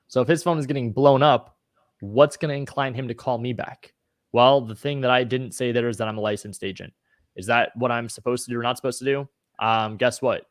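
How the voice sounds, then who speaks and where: A man in his twenties talking casually and energetically as a co-host, coaching listeners. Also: mid-range voice. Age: 20s. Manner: energetic, motivational. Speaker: co-host, real estate agent.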